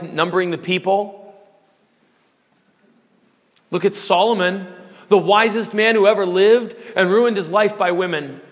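Forty-something guy preaching, pretty high voice, gets all worked up pleading, big echoey hall. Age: 40s. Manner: fervent, rising to impassioned pleas. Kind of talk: sermon.

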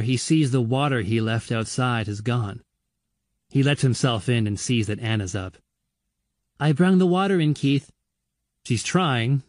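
A man narrating a horror audiobook in a measured, grim way. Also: mid-range voice, dry recording, studio quality.

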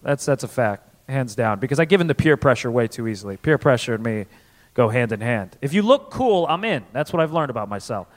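Animated, foul-mouthed stand-up comic. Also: male voice, medium pitch, a little fast. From Connecticut, USA. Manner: animated, profane, self-deprecating. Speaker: stand-up comedian. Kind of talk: live stand-up comedy. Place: comedy festival stage before an audience. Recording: reverberant live venue.

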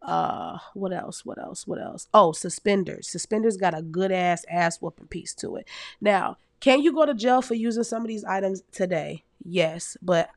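A woman in her thirties telling comic stories to her audience in a casual, animated, heavily profane way, laughing often as a podcast host. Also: medium pitch, moderate pace, dry recording, studio quality. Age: 30s. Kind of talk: casual comedic storytelling.

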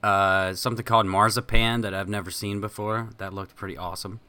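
A man chatting on a podcast in an easygoing, slightly hesitant way. His voice sits somewhat low. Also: fairly quick, no room sound. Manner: relaxed, hesitant with fillers. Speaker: podcast guest. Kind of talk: casual chat.

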